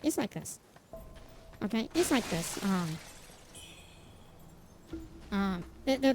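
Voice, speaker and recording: A young woman with a slightly high voice chats casually while gaming on stream, rambling, poking fun at herself, restarting sentences, and filling gaps with fillers. She laughs often, and a little hiss or hum runs under the recording.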